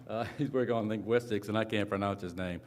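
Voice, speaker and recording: A lower-voiced man moderates a conference session and introduces the next speakers. He fumbles over names and jokes at his own expense, apologizing often. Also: fairly even intonation, quick pace. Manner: apologetic, self-deprecating, fumbling.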